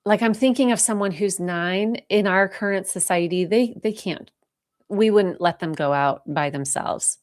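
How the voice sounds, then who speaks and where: A woman giving a live spiritual talk, speaking softly and slowly with heartfelt pauses as she answers viewer questions, moved close to tears. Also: medium pitch. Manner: soft, heartfelt, slow and reflective with pauses.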